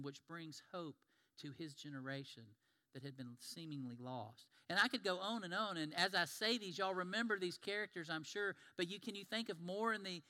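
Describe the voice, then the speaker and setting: A man preaching a sermon, telling Bible stories and acting out the voices of the people in them. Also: fairly high pitch. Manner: animated storytelling, acts out quoted biblical voices. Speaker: pastor. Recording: long reverb of a large hall.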